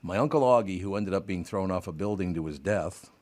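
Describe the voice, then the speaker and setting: A man's voice: deep voice, a little fast, a little mellow. An older man hosting a radio show, telling stories in a dry way with sudden laughs. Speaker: radio host. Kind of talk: casual talk radio banter.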